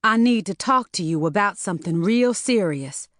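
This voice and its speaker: A woman's voice: mid-range voice, animated, normal speed, dry recording, clean studio sound, close to an everyday voice. A woman voicing a worried, determined mother who speaks sharply and insistently. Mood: urgent.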